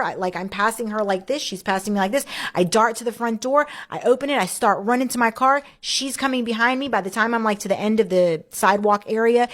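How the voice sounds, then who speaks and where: A woman guest in a casual interview, telling her story in an animated way, acting out what others said and often saying "like". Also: fairly high pitch. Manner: animated, acts out quoted speech; frequent filler "like".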